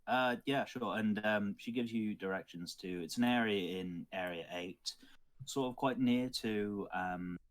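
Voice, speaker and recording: Man, game master, deep low pitch, loose, swearing, laughing. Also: unhurried. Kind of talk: livestreamed tabletop game narration.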